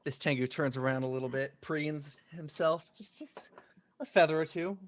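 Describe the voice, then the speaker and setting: A man narrating a tabletop role-playing game as game master, relaxed and asking the players what they do. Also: on the high side, moderate pace, no echo. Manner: relaxed, asks players questions.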